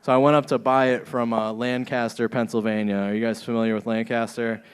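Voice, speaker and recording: A man performs stand-up into a handheld mic on a club stage. His delivery is crude and rambling, at a middle pitch, and he keeps laughing at his own jokes as he goes. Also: little pitch movement, fairly quick, smooth. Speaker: stand-up comedian. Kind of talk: stand-up comedy set.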